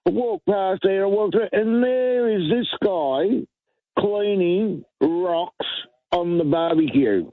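A man's voice: high-pitched, lively intonation, takes it slowly, no echo. A man with an Australian accent calling into talk radio, telling a rambling, indignant story and acting out the quotes. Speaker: caller. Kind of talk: rambling phone-in anecdote. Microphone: telephone. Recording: tinny dry phone line.

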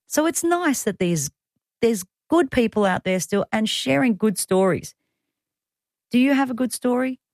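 A woman's voice: fairly high pitch, expressive, unhurried, darkish tone, no room sound, studio quality. A woman in her thirties with an Australian accent, hosting talkback radio in a chatty way with self-deprecating asides. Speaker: radio host.

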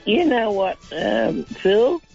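A man, a caller chatting slowly and easily with a radio host. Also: high-pitched, very animated, creaky, a little mellow. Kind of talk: casual phone chat. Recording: dull line with faint music.

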